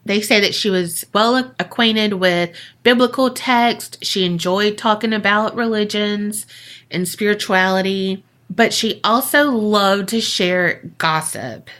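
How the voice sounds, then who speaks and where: A woman's voice: a little slow, fairly bright tone. A woman co-hosting a podcast, telling a ghost story in a chatty, profane way with jokey asides and acted-out voices. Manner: acts out quoted voices with big pitch jumps. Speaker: podcast co-host. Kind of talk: casual storytelling.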